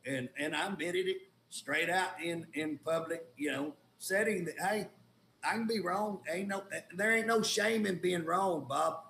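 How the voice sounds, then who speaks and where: A man's voice: high voice, a little slow, bright, forceful tone, reverberant, a little hiss or hum. A man with an Oklahoma accent, a state legislator telling a story in folksy, indignant, casual talk with colloquial grammar. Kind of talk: casual talk show conversation.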